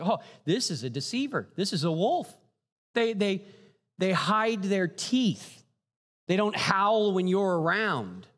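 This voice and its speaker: Animated preacher with a lively voice. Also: male voice, fairly high pitch. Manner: animated, rhetorical questions, repeated "right?". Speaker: pastor. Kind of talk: sermon. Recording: long hall reverb.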